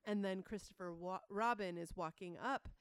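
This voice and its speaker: A woman's voice: medium pitch, normal speed, clear, resonant tone, no room sound. A woman co-hosting a podcast in casual chat, explaining her thinking in a thoughtful, analytical way. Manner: thoughtful, analytical, reads quotes aloud. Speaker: podcast co-host.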